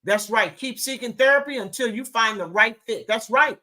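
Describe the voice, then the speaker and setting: A woman's voice: fairly high pitch, bright, forceful tone. A woman hosting a live talk show, affectionate and emphatic, calling her listeners baby and honey as she reads chat comments. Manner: emphatic, drawn-out delivery. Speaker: host.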